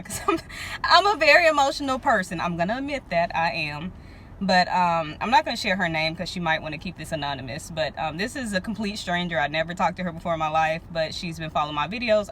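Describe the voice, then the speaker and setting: A woman with a Southern US accent talking casually to her followers in a vlog, speaking slowly and earnestly. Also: low-pitched, fairly bright tone, a little hiss or hum. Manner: slow and deliberate, earnest. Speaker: language-learning vlogger.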